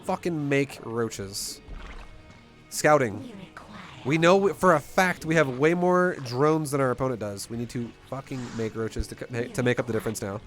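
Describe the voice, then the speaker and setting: A man giving casual, energetic commentary while he plays and teaches a strategy game, talking bluntly and swearing now and then. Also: mid-range voice, brisk, faint music behind. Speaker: gameplay coach.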